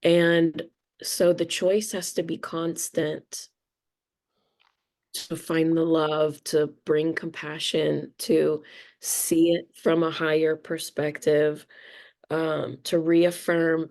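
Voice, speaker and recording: Slow, gravelly middle-aged woman. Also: low-pitched, little pitch movement, a little mellow. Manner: candid, rambling, swears casually. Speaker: spiritual reader sharing experience. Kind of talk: casual reflective talk.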